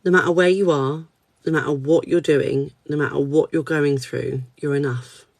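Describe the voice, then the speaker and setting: A woman's voice: sits low, steady tone, moderate pace, creaky, no room sound. A woman, speaking as a spiritual card reader at her desk, reassuring and candid, swearing casually. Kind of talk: live spiritual reading chat.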